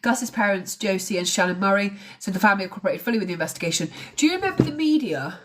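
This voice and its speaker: A woman's voice: medium pitch, lively intonation, very fast, noisy background. A woman talking casually on a live stream about a crime case, chatty and blunt, with the odd swear. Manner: chatty, swears, mocks accents.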